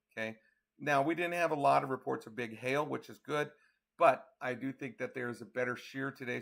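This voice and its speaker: Male storm chaser from Colorado, gravelly, tired, casual live forecast talk. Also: medium pitch, a bit bright. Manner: talks through model maps, counting hours aloud. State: tired, yawning. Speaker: storm chaser giving a weather update. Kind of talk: casual live weather briefing.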